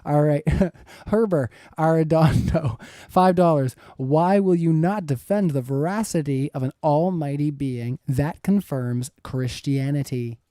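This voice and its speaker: A man's voice: fairly high pitch, a little slow, few pauses, dark tone, dry recording, studio quality. A man in his thirties moderating a live-streamed debate, reading viewer questions in an easygoing, rambling way. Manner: easygoing, rambling, chuckles often.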